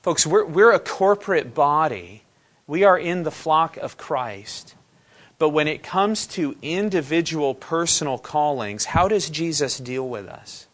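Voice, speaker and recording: A man's voice: a little high, lively intonation, measured pace, a bit bright. A pastor preaching a sermon, asking his congregation questions and putting scripture into everyday language. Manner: conversational preaching with paraphrased asides.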